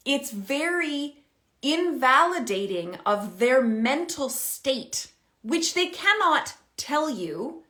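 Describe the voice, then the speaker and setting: A middle-aged woman talking casually to camera as a parenting coach, animated and chatty, thinking out loud as she explains. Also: high voice. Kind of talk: casual direct-to-camera advice.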